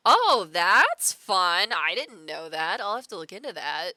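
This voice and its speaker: A woman's voice: mid-range voice, sing-song, a little slow, hardly any pauses, bright, forceful tone, dry recording. A young woman streaming a building game, chatting, reading chat messages aloud and talking to herself as she plays. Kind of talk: casual gameplay commentary.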